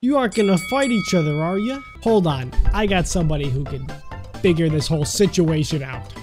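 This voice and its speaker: Excitable young man commentating a game. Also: fairly high pitch, brisk. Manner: excitable, laughing, talks to game characters. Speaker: gaming YouTuber. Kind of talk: gameplay commentary. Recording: music playing behind.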